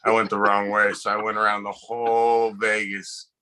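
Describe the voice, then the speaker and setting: A podcast co-host with a lowish voice talks at normal speed over poor audio. He's an animated storyteller in casual chat, acting out quotes and swearing freely.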